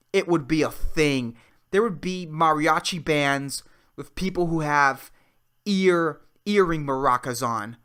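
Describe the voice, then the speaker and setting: A man in his twenties hosting a solo podcast, ranting in a profane, excitable way and peppering his talk with "dude" and "man". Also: on the high side. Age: 20s. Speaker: podcast host. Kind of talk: solo comedic rant.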